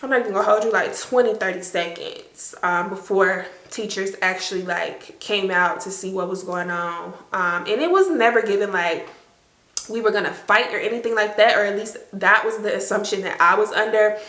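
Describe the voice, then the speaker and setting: Bright-voiced young woman telling a story. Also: mid-range voice, moderate pace, roomy sound. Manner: animated, heavy use of "like", acts out quotes. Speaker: storytime vlogger. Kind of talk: casual storytelling to camera.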